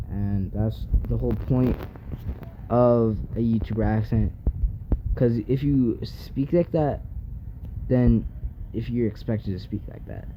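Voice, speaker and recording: A man's voice: fairly low pitch, darkish tone. A young man rambling in a casual, filler-heavy rant, often frustrated and saying bro, through a muffled mic. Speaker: gaming YouTuber. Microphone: muffled mic blocked by device case. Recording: muffled audio with faint background noise.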